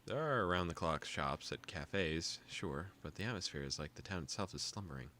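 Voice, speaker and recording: A young man hosting a gaming video, calmly reading a visual novel aloud with joking asides. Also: deep voice, normal speed, a little hiss or hum.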